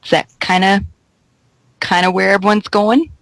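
A woman's voice: mid-range voice, steady tone, moderate pace, vocal fry, no room sound, poor audio. A woman with a Minnesotan accent chatting casually on a panel podcast, joking and swearing freely. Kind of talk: casual chat.

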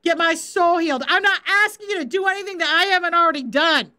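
Animated high-voiced woman Bible teacher. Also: fast. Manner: animated, laughs, acts out quotes. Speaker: faith coach and Bible teacher. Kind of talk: informal live-stream Bible teaching.

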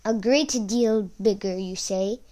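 A woman voicing a menacing, hungry male troll in a storybook reading, speaking slowly, loudly and with a sinister edge. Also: mid-range voice, close to an everyday voice. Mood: grudging. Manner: slow, loud and sinister.

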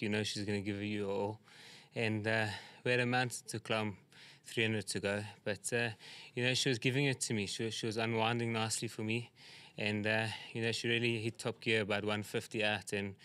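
A man's voice: on the low side, fairly bright tone, smooth, no room sound. A man, a jockey talking enthusiastically after a win, his speech full of "uh, you know" fillers. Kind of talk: post-race interview.

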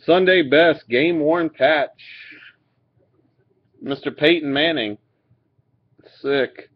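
A man with a slightly high voice takes it slowly as he opens card packs and reads each one out. He's easygoing, swearing and laughing here and there, and the sound from his webcam mic is dull and lo-fi.

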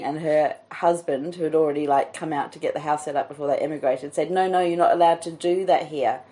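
An Australian woman hosting a casual comedy podcast chat, telling stories with lively quoted asides. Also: deep voice. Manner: storytelling, animated quotes. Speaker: podcast host.

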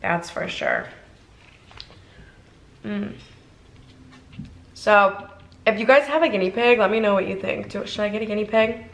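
Young woman vlogger from Ohio, chatty and rambling, mid-pitched, recorded in an echoey car. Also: expressive, a little slow, long pauses. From Ohio, USA. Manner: chatty, rambling with many fillers. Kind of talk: casual mukbang chat. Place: inside a car.

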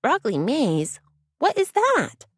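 A woman's voice: high voice, sing-song, slow pace, darkish tone, no room sound, studio quality, pitched above the performer's own voice, full character voice. A woman voicing a sulky little preschool boy in a children's audiobook. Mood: curious. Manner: sulky, wondering.

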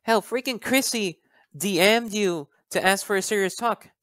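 A young man delivers an angry callout rant, profane and heated. He stumbles and repeats words as he pushes on. His voice sits a little high and sounds dry and close. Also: normal speed, fairly bright tone, dry recording. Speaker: video creator.

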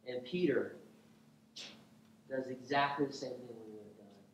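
Animated preacher man, echoey church. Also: mid-range voice, moderate pace, long pauses, recorded from a distance, highs cut off. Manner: animated, humorous storytelling preacher. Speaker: pastor. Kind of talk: sermon. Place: church sanctuary.

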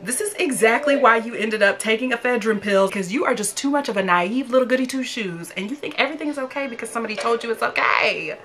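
A young woman reacting to a horror movie, animated, swearing and talking back at the screen. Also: fairly high pitch, fast talker, hardly any pauses, slight background noise. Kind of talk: casual movie reaction commentary.

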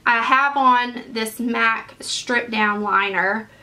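A woman's voice: fairly high pitch, slow pace, sharp tone. A young woman, chatting casually and gushing about makeup in a favorites video. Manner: gushing, enthusiastic. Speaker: beauty vlogger.

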